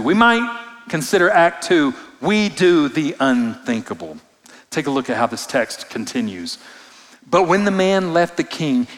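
A man preaching a sermon as pastor, expressive, moving between loud emphasis and hushed, low passages. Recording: long reverb of a large hall.

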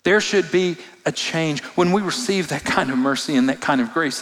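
A man preaching a sermon as pastor, expressive, moving between loud emphasis and hushed, low passages. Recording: long reverb of a large hall.

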